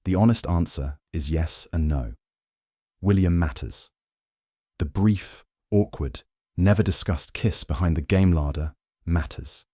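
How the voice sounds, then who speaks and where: A man narrating a history story for sleep in a calm, slow, soothing scripted style. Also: low voice, no room sound, studio quality.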